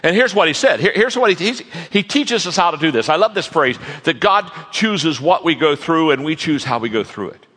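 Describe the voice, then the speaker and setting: Animated folksy preacher in a hall. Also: male voice, on the high side, fairly quick, few pauses, husky. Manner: animated, folksy, joking storyteller. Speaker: pastor, guest speaker. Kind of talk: sermon. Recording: long reverb of a large hall.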